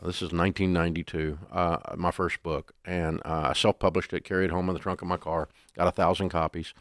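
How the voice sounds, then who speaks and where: A man telling folksy, animated stories as a guest in a casual interview. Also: deep voice, fast, no room sound, clean studio sound.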